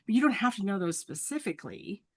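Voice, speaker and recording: A woman's voice: mid-range voice, very animated, fast, no room sound. A woman speech-language pathologist, a guest on an interview, explaining in an earnest, teacherly way and often checking in with "right?". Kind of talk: explanatory professional conversation.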